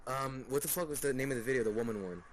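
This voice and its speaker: A man's voice: medium pitch, very fast, a crowd in the background. A man co-hosting a casual chat, crude and joking, often laughing at what he reads. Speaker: co-host.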